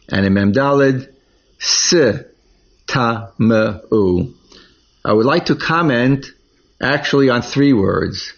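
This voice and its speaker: Male Torah reading teacher with Ashkenazi Hebrew pronunciation. Very slow, careful delivery. Dull lo-fi recording. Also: mid-range voice. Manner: careful, deliberate, sounds out words syllable by syllable. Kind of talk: slow explanatory lesson on Hebrew cantillation.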